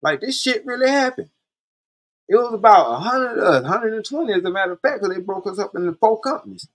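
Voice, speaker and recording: A man's voice: high voice, lively intonation, a little fast, a bit bright. A man hosting a podcast, telling stories in a blunt, profane, laid-back way. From Columbia, South Carolina. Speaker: podcast host. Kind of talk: casual storytelling monologue.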